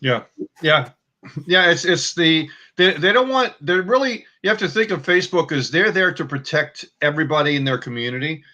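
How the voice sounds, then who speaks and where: Man, marketing stream co-host, bright sharp voice, slightly high pitch, hesitant, casual. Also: lively intonation, moderate pace, highs cut off. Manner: hesitant, repeats words. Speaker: co-host of a live marketing broadcast. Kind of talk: casual live-stream chat.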